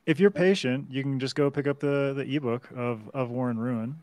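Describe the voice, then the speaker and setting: A man's voice: mid-range voice, fairly even intonation, normal speed, darkish tone. A male podcast co-host wrapping up a livestream chat, laid-back and friendly, swearing casually.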